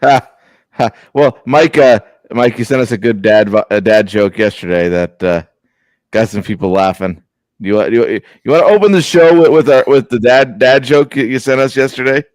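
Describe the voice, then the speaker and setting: A man's voice: mid-range voice, lively intonation, moderate pace, darkish tone, dry recording. Man co-host, rambles and restarts, casual sports chat on a close, dry call mic. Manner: rambling, apologetic, restarts a lot. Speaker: podcast co-host. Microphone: remote video call.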